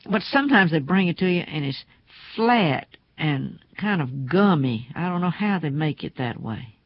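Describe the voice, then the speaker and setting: A man's voice: a little high, expressive, moderate pace, no echo. A man, talking in a folksy, chatty, opinionated way. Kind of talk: casual spoken commentary. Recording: dull, muffled sound.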